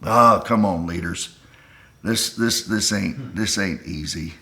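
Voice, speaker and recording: A man's voice: lowish voice, slow. Impassioned man preaching to men. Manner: impassioned, pleading, swings from quiet to shouting. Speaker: pastor. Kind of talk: sermon to men on a call.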